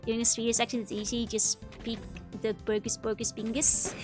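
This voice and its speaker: A woman's voice: a little high, flat delivery, brisk. A young woman from the Netherlands with a Dutch accent, chatting casually while streaming a game, laughing often and filling her talk with "like". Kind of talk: casual gaming livestream chat. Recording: game music playing behind.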